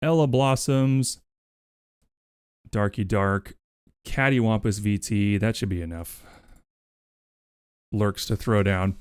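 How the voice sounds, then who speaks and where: A man's voice: on the low side, slow, pauses often, darkish tone, smooth, dry recording, clean studio sound. A man live streaming who chats casually with his viewers, rambling, swearing freely and thanking them over and over. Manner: rambling, profane and effusively thankful.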